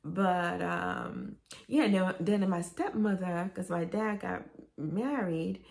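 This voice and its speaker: A woman's voice: on the low side, slow pace, gravelly, darkish tone. A middle-aged woman, telling rambling, nostalgic stories in a casual vlog. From Brooklyn, New York. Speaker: vlogger.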